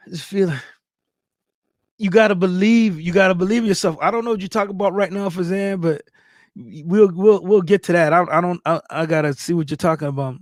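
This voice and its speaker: Hyped male streamer giving shout-outs. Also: sits high, brisk, dry recording, clean studio sound. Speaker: livestream host. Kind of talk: casual livestream chat reading viewer comments.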